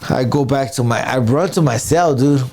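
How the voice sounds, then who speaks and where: A man's voice: mid-range voice, normal speed. Man telling a story with slang and sound effects. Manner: animated, street slang, sound effects, frequent "right?" and "dude"; many restarts and fillers. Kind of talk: casual storytelling in an interview.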